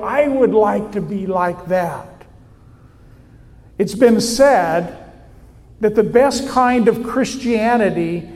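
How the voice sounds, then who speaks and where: Slow, high-voiced preacher in a reverberant hall. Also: male voice, darkish tone. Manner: slow, deliberate preaching with emphatic pauses. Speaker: pastor. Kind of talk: sermon.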